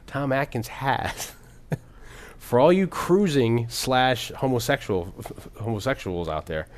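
A man's voice: mid-range voice, animated, slow pace. A man casually talking about a film as podcast co-host, rambling with frequent laughs and swearing. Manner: rambling, profane, laughs often.

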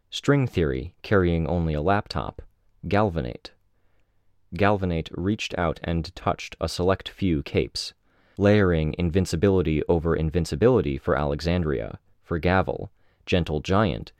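Brief: man, extremely low voice, measured audiobook narration, dry booth sound. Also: a little mellow, no echo. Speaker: audiobook reader. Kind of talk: first-person audiobook narration.

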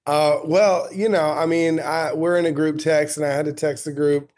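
A man's voice: on the high side, steady tone, normal speed, a little mellow. A man co-hosting a podcast, chatting casually with a blunt, teasing, sarcastic manner. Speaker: podcast co-host. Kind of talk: casual chat.

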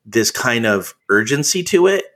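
A man co-hosting a podcast in casual chat, relaxed and hedging with plenty of "you know" and "kind of". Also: medium pitch, normal speed. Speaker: podcast co-host.

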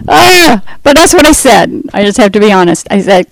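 A woman recounts her personal faith testimony in an open, emotional storytelling manner. Her voice sits at a middle pitch, and the recording is dry and close, with no room echo. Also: big pitch swings, normal speed, creaky. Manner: candid, emotional storytelling with frequent laughs. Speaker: testimony speaker.

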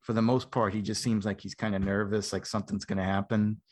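A low-pitched man talks through a casual podcast chat. He is blunt and opinionated, with laughter breaking into his sentences. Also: level tone, fast talker.

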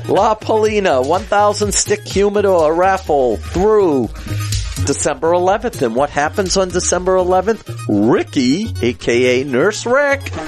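Casting: sixty-year-old male co-host, slightly raised pitch, jokey rambler, music bed under the talk. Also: animated, a little slow. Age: 60s. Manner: jokey, rambling, trips over place names. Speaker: podcast co-host. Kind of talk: casual chat reading shout-outs.

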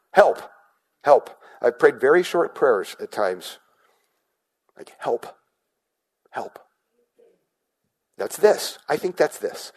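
A man's voice: medium pitch, rough recording. A male pastor giving a sermon in a conversational way, often asking the congregation questions and restarting his words.

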